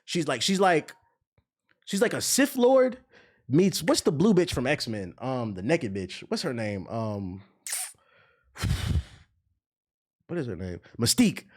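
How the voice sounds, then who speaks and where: A man's voice: mid-range voice, very animated, slow, long pauses. A young man streamer ranting in casual, profane commentary, now and then mocking voices.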